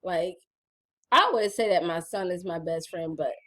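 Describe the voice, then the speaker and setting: A woman's voice: on the low side, moderate pace, a bit bright. A middle-aged woman vlogging about her gratitude journal in casual, playful chat, calling her viewers y'all.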